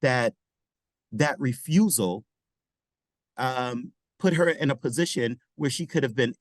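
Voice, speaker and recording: A man's voice: mid-range voice, a little slow, no echo, poor audio. Man, teacher in a webinar, reflective, dry close sound. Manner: thoughtful, searching for words. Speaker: teacher participant. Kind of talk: reflective discussion remarks.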